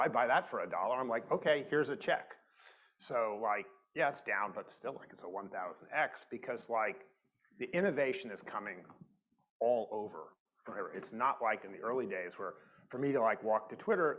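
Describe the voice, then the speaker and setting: Brief: man, lowish voice, animated storyteller on a conference panel stage. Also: poor audio. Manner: animated storytelling, acts out quoted exchanges, many "like" fillers. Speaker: panelist, tech investor.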